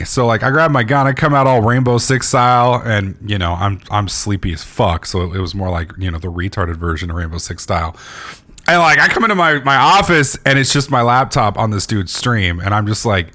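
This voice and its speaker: Lowish-voiced guy rambling through a game, sleepy, swears a lot, lots of uh and um. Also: brisk, fairly bright tone. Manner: rambling, swears freely, many fillers and restarts. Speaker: gaming channel host. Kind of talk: casual gameplay commentary.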